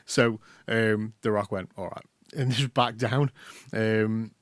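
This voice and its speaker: A man with an English accent co-hosting a podcast, chatting casually and acting out quotes in quick bursts. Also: on the low side, steady tone, smooth, no echo. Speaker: podcast co-host. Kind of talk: casual chat.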